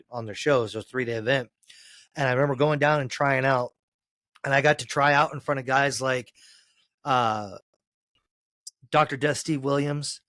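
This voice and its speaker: A man, a former pro wrestler, telling road stories in a casual podcast chat, cursing freely and rambling, climbing loud and high as he gets worked up. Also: no echo. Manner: profane, rambling storyteller, gets loud and high when excited.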